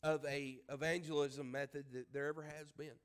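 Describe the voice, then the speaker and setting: A man's voice: fairly high pitch, level tone, moderate pace, clean tone. A man preaching a sermon as pastor. He speaks emphatically, repeats his phrases and asks the congregation questions.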